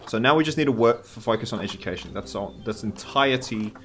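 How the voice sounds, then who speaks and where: A man's voice: mid-range voice, fast, a bit bright. Guy muttering thru a sim game, wry little jokes, mid voice, game clicks and noise behind. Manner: chatty, thinks aloud, wry asides. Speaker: gaming channel host. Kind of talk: casual gameplay commentary.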